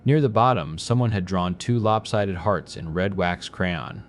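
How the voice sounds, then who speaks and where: Deep-voiced man narrating a horror tale. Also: measured pace, slight background noise.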